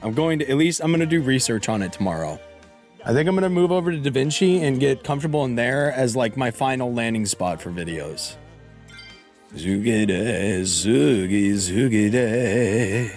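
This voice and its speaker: Excitable male streamer, lively pitch. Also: fast, soft background music. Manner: excitable, yelps and swears at mistakes. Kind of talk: casual live game stream chat.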